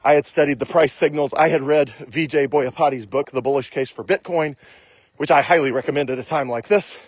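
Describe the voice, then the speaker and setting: A man with a fairly high voice talks in a casual, emphatic monologue. He hammers his points home by repeating them and acting out imagined exchanges. The sound is dry and close, with no room around it. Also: a little fast, no echo. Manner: emphatic, repetitive, argues by acting out imagined questions and answers. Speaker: state legislator and investor.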